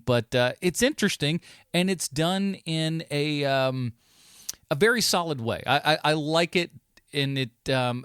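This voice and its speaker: A man hosting a podcast talks casually and rambles, often restarting his sentences. His voice sits at a middle pitch. The sound is dry and close. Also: a bit bright, clear, resonant tone, no echo. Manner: rambling, chuckling, halting restarts. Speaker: podcast host. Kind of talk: casual chat.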